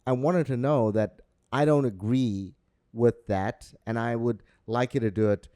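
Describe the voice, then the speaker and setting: A man co-hosting a podcast, telling a long story in a rambling, halting way. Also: medium pitch, steady tone, warm tone, dry recording, studio quality. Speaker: podcast co-host. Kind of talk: casual chat.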